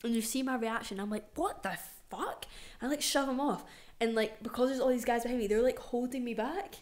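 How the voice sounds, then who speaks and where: Telling stories on her podcast, this young woman from Scotland keeps it casual and animated, swearing a lot and saying "like" constantly amid other fillers. She talks quickly in a slightly high voice.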